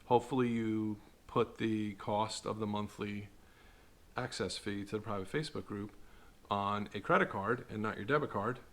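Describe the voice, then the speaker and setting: A middle-aged man giving casual talking-head commentary, animated and sarcastic, tagging "right?" onto his points. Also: fairly low pitch, normal speed. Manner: animated, sarcastic, mocks marketers in put-on voices; repeats "right?" to the viewer. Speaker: online video host.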